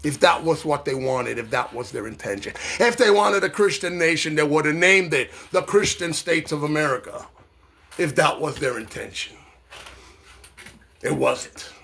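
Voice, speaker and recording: A man from New York delivering an impassioned, profane political rant. He swings between loud outbursts and low, slow asides. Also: gravelly. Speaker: political commentator.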